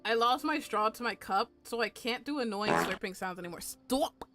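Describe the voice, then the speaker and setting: A woman's voice: medium pitch, expressive, fairly quick, bright, forceful tone, soft background music. A woman streaming a game, chatting casually with crude, playful jokes and talking to herself. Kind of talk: casual gaming commentary.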